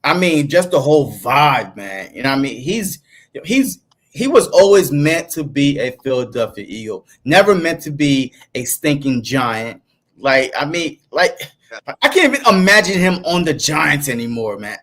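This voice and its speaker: A man's voice: fairly high pitch, very animated, normal speed, fairly bright tone. A man co-hosting a sports podcast in a laid-back, casual chat style, dropping fillers like "man" and "bro". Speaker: podcast co-host.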